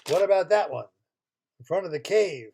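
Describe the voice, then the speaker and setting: An older man telling an improvised children's story over a computer call, pausing to quiz his listeners with multiple-choice questions in a playful, chatty way. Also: high-pitched, lively intonation, creaky, mellow, slight background noise. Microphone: computer mic on a video call.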